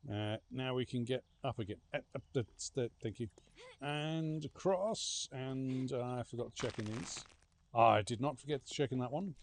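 A man's voice: medium pitch, animated, measured pace, vocal fry, a little hiss or hum. A man streaming a game live, chatting, swearing and humming silly ditties to himself as he plays. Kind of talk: live gameplay commentary.

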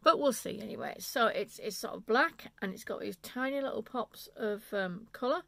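A woman's voice: fairly high pitch, lively intonation, moderate pace, vocal fry, pushed and bright. A woman, chatting enthusiastically and rambling as she shows off yarn in an unscripted knitting vlog. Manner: enthusiastic, rambling, self-interrupting. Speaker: knitting vlogger.

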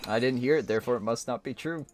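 A young man streaming a party game, chatting casually with friends and chat, laughing often and shouting at times. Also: medium pitch, quick pace, soft background music.

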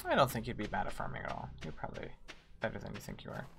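A woman streaming a game, chatting with viewers as she plays, with sudden excited squeals. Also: gravelly. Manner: chatty, reads and answers chat while playing; excitable, quick bursts of high squeals. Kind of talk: live gameplay commentary. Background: faint game music.

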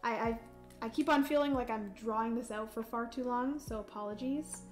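A woman's voice: a little high, normal speed. A young adult woman hosting a board game livestream, chatting casually, reading viewer comments aloud and explaining rules with frequent ums. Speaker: livestream host playing a solo board game. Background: faint background music.

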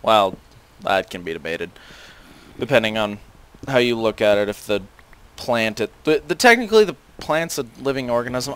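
A man's voice: medium pitch, expressive, normal speed, fairly bright tone, clear, resonant tone. A teenage boy casually commentating a video game, rambling with many fillers and self-deprecating asides. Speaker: gaming channel host.

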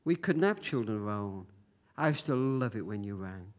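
A man voicing a kind elderly woman telephone operator, speaking softly and tenderly in a story he tells. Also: lowish voice, expressive, moderate pace, voice pushed down, natural voice.

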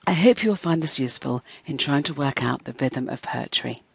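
An adult literature lecturer talks through a scripted lesson with a slightly breathy, husky voice. The delivery is measured and clear, stretching out syllables to make each stress pattern easy to hear. The sound is close and dry. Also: medium pitch, dry recording, poor audio. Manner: clear, measured teaching tone, slowing to stress each beat when demonstrating rhythm.

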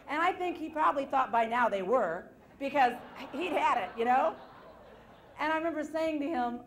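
Animated woman speaker on stage. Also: sits high, moderate pace, roomy sound, a little hiss or hum. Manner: animated storytelling, acting out quoted voices; self-deprecating humor. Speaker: motivational seminar speaker. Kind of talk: live seminar talk to an audience. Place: stage before a live audience.

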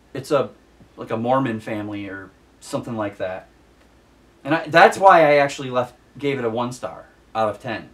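A man's voice: mid-range voice, recorded from a distance. A man hosting a casual book review vlog, ranting with exasperation and repeating himself for emphasis. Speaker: book vlogger.

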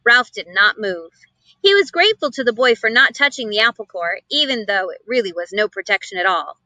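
A woman reads a children's chapter book aloud, expressive and animated. Her voice is bright and fairly high. It's recorded close and dry. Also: a little fast, no room sound, rough recording. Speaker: reader. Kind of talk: storybook read-aloud.

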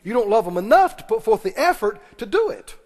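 A man preaching. His voice sits high for a man. The long reverb of a large church hall carries every phrase as he calls for answers from the pews. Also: sing-song, darkish tone. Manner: preaching with call-and-response, quick asides and laughs. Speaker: pastor. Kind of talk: sermon. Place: church sanctuary.

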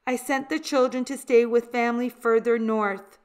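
A woman's voice: moderate pace, clean tone, close to an everyday voice. A woman reading as a firm, protective father. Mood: defiant. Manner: low, even, defiant.

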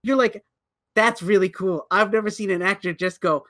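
A man's voice: high voice, moderate pace. A man co-hosting a casual podcast, stumbling over himself as he eagerly recounts a show. His delivery jumps ahead and doubles back mid-sentence. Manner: animated storyteller, many restarts. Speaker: podcast co-host. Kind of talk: casual chat.

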